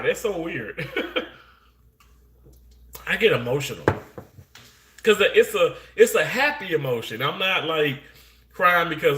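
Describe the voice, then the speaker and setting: A man's voice: fairly high pitch, lively intonation, a little slow, long pauses, sharp tone, a little hiss or hum. A man, hosting a livestream and chatting to viewers in a rambling, heartfelt way with many restarts. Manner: Southern-flavored speech, says y'all. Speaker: livestream host. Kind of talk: casual chat to live chat viewers. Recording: roomy echo.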